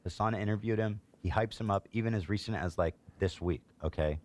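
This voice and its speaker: Deep-voiced male streamer, indignant political ranting, reads posts aloud and reacts. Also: brisk, a little mellow. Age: adult, a parent. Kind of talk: heated political commentary.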